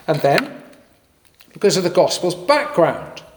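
Animated preacher in an echoey hall. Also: male voice, high voice, a little slow. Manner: animated, conversational, with fillers and asides. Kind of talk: sermon. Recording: echoey hall with long reverb.

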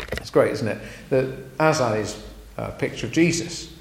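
A man preaching a sermon in a lively, emphatic way, with frequent ums. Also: medium pitch, normal speed, gravelly, a little hiss or hum. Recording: echoey room.

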